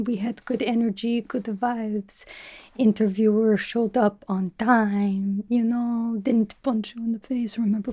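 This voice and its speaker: Whispered role-play of a brash female spy, as a woman puts her on, teasing and chatty that drops its articles. Her voice sits a little high yet mellow, and she rambles in soft, half-whispered asides. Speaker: ASMR creator.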